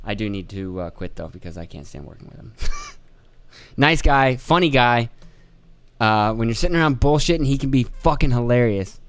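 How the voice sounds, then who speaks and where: A man's voice: medium pitch, lively intonation, moderate pace, smooth, no echo. A young man hosting a solo podcast, ranting and swearing, acting out other people's lines in mocking voices. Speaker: podcast host.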